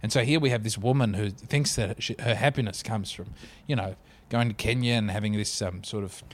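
A man's voice: on the low side, fairly quick. A man co-hosting a comedy podcast, chatting casually and rambling through tangents. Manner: rambling, reads quotes in put-on voices. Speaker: podcast co-host.

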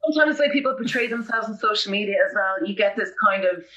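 A woman with an Irish accent, an entertainment interviewer telling rambling, animated stories in casual chat. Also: mid-range voice, fast talker, dull audio. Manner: animated, rambling storytelling with fillers. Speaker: podcast guest, entertainment interviewer.

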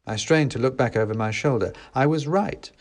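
A man reading a storybook aloud, animated and wry, acting out the dialogue. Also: medium pitch, brisk. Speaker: audiobook reader. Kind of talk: expressive storybook narration.

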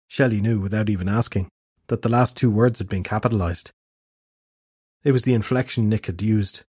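A man narrating a fantasy novel in steady, even storytelling. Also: fairly low pitch, brisk, husky, no echo, studio quality. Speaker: audiobook narrator.

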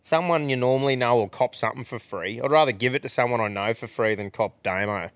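A man's voice: mid-range voice, fast, dry recording. An Australian man hosting a podcast, talking in laid-back, swearing slang. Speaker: podcast host. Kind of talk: casual podcast chat.

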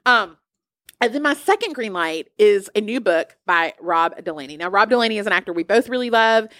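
A woman co-hosting a podcast, chatty and animated as she recommends shows and books. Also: mid-range voice, brisk, no room sound, clean studio sound. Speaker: podcast co-host. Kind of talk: casual pop-culture chat.

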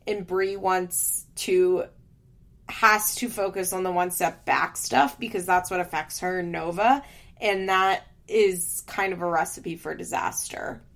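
Gravelly-voiced woman chatting frankly. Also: fairly low pitch, fairly even intonation, unhurried, fairly bright tone. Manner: frank and opinionated, swears casually, fillers like "like". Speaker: reality TV recap host. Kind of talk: casual recap chat.

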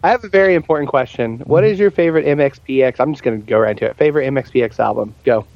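A man's voice: mid-range voice, rapid-fire, gravelly, muffled recording, a little hiss or hum. A man co-hosting a podcast, teasing and playful in casual banter. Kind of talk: casual chat.

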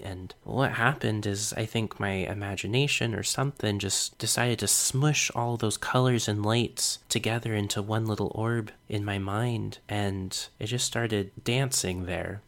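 A man's voice: on the low side, a bit bright. A young man hosting his own podcast, telling a personal story in a reflective, earnest way with small self-conscious laughs. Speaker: podcast host.

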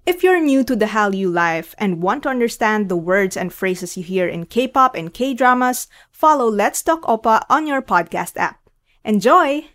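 A woman reads a scripted podcast promo in a clear, brisk way. Her voice sits at a middle pitch. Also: lively intonation, a bit bright. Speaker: podcast announcer.

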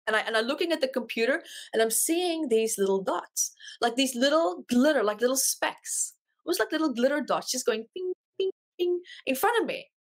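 A woman with a fairly high voice tells a personal story as a guest in an interview. She speaks earnestly and with feeling, and she often repeats her words to drive a point home. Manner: earnest, emotional, repeats phrases for emphasis. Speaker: guest, author and life coach.

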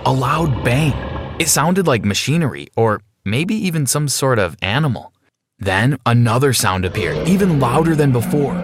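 A man narrating a dramatic first-person adventure story from a script. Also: medium pitch.

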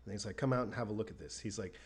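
A man from the United States telling a story in casual chat, lively and acting out the people he quotes. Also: lowish voice, very fast, husky.

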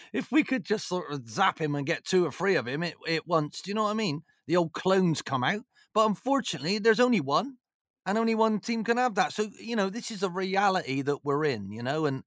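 A man telling stories as an interview guest, rambling and jokey with plenty of "you know"s. His voice sits a little high and swings up and down with energy. The sound is dry and close. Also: no echo. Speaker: former football manager, interview guest. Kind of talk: casual storytelling chat.

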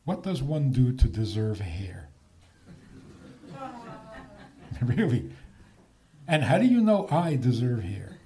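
Male rabbi-type lecturer, slow and deliberate, pitch jumping around a lot, playful rhetorical questions. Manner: animated, rhetorical questions, chuckles at own points. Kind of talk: lecture with humor.

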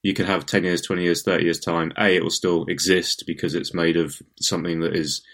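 A man's voice: low-pitched, flat delivery, brisk, fairly bright tone, breathy edge. A man co-hosting a podcast in casual chat, playful, theatrical and self-mocking. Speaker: podcast co-host.

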